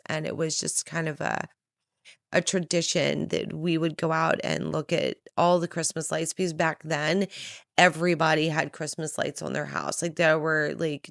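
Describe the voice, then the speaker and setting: A woman's voice: sits low, fairly bright tone, no room sound, studio quality. A woman in casual podcast chat, talking fondly about family memories. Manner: fond, reminiscing.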